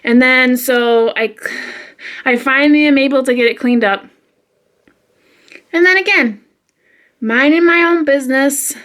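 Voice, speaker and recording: A woman talks straight to her viewers in a loose, casual vlog about her reading. Her voice sits a little high. She tells her stories with dramatic flair and keeps coming back to "oh my gosh.". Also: measured pace, pauses often, fairly bright tone. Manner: chatty, dramatic storyteller, frequent "oh my gosh" exclamations. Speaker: book vlogger.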